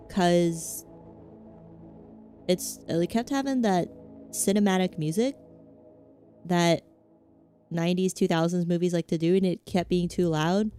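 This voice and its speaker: Low, mellow Southern-accented woman streamer. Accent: Southern American. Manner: meandering, self-mocking rambling. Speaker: VTuber streamer. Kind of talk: casual gaming-stream chat.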